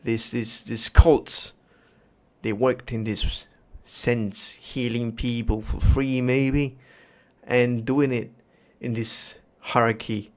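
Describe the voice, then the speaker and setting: A man's voice: medium pitch, little pitch movement, takes it slowly. A man commenting on a clip on a livestream, emphatic and repeating words for stress. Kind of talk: reaction commentary.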